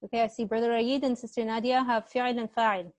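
A woman's voice: on the high side, little pitch movement, a little fast, a little mellow, no room sound. Woman teacher leading a grammar class. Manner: patient, asks students questions and repeats answers. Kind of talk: online Arabic grammar class.

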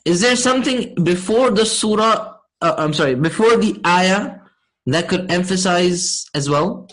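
A man teaching a class, explaining slowly and checking in with his students often. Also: high voice, lively intonation, a bit bright, low-quality recording. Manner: slow, deliberate explaining. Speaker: Arabic grammar teacher.

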